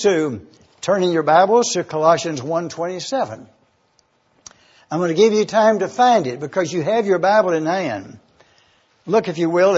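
Man teaching scripture, high husky voice, deliberate, spells words out, dull lo-fi sound. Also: darkish tone. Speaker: Bible teacher. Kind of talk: verse-by-verse Bible teaching.

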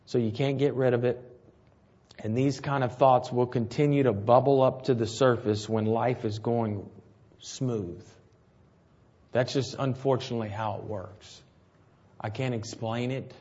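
A man's voice: mid-range voice, warm tone. Conversational preacher man, slightly muffled. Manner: conversational, asks the listeners rhetorical questions. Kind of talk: sermon. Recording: slightly dull, lo-fi sound.

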